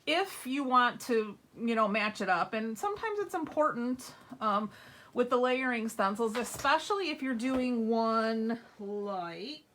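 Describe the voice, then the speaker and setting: A woman's voice: on the high side, a bit bright, slight background noise. A middle-aged woman hosting a casual live craft demo, slightly out of breath, chatty and greeting viewers by name. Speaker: crafting livestream host.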